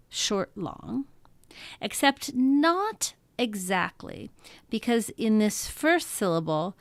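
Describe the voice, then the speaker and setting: A woman teaching a lesson in a patient, explanatory way, often pausing to check in with her listeners. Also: medium pitch, dry recording. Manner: patient, explanatory, frequent "um" and "okay?" check-ins. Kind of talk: classroom lecture.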